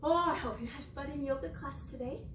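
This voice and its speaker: A young woman teaching preschool yoga through a story, expressive and sing-song, with gasps and whispers, recorded roomy and from far off. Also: high voice, fast talker, a little hiss or hum. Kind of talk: storytelling yoga lesson for children.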